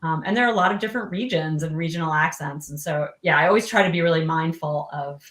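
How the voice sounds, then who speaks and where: A woman's voice: deep voice, fast talker, fairly bright tone. Thoughtful woman in a roomy echo. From Long Island, United States. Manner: thoughtful, with many restarts and fillers. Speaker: guest author. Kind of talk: casual interview chat.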